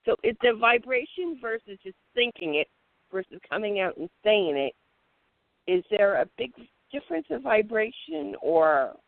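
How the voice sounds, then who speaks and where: A co-host in a casual chat who asks questions in a lively way. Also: medium pitch, moderate pace, creaky, no room sound. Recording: tinny phone-like sound, dry.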